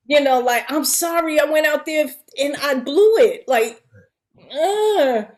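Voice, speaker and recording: A middle-aged woman, a guest actress, telling a story in a casual, animated way, acting out the voices of other people and laughing often. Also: high-pitched, slow pace.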